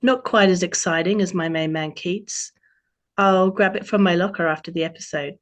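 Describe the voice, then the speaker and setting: A woman's voice: lowish voice, normal speed, lightly acted. A woman voicing a cheerful young Australian woman lifeguard, using a put-on Australian accent in a friendly, upbeat way. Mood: breezy.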